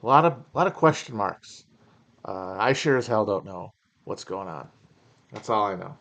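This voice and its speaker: A man's voice: on the low side, moderate pace, creaky, fairly bright tone. A man in his thirties hosting a casual livestream Q&A, talking in a rambling, wry way with fillers and sighs. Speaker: podcast host on a live stream. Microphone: home streaming mic.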